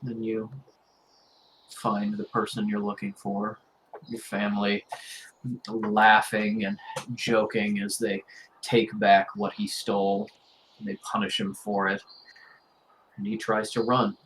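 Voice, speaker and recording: A man as game master, narrating a tabletop role-playing scene in a grave, unhurried second-person storytelling manner. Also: lowish voice, a bit bright, slight background noise, low-quality recording.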